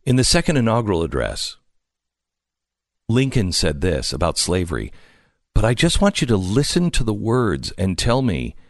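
A male host delivers a fervent monologue, slowing down and leaning on each word with long dramatic pauses. His fairly low voice rises and falls across a very wide range, heard close and completely dry. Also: dry recording. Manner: emphatic, slow and deliberate with dramatic pauses. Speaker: talk show host. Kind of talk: impassioned commentary monologue.

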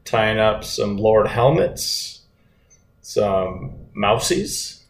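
A man's voice: lively intonation, very slow. A man co-hosting a casual chat, telling stories in an easygoing way with dry humor. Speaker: podcast co-host. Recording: roomy echo, faint rumble.

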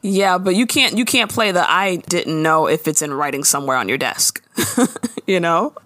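A woman's voice: on the low side, moderate pace, dry recording. A woman co-hosting a podcast, recapping a show in casual, slangy, laughing conversation. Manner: animated, laughing, slangy storyteller. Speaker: podcast co-host.

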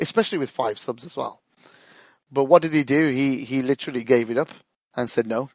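A man's voice: medium pitch, brisk, a little mellow, no echo. A man co-hosts a casual football podcast, rambling through his story with laughs and swearing. His voice sits in a middle register. The sound is dry and close, with no room around it. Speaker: podcast co-host.

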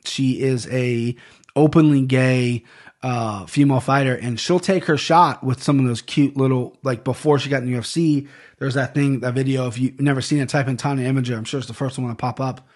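A man's voice: mid-range voice, steady tone, fairly quick, a little mellow. A young man hosting a casual fight-picks podcast at a desk microphone, rambling, swearing and tripping over names. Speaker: sports betting podcast host.

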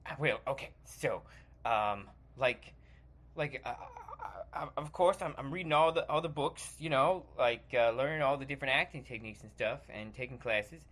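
Brief: eager young actor, acted by a man, starstruck, stammering, animated. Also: medium pitch, moderate pace. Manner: gushing and stammering, full of 'like' and restarts. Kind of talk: comedy sketch.

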